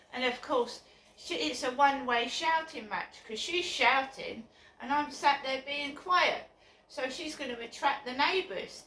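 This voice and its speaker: A woman records a personal phone vlog outside her flats, her high-pitched voice sharp in tone and captured from a distance. Upset and insistent, she repeats herself, and the off-mic audio is echoey with faint noise behind her.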